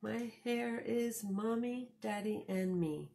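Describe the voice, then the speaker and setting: A woman librarian reading a picture book aloud to children, expressive and storytelling, with chatty asides. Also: on the high side, takes it slowly, creaky, slight background noise.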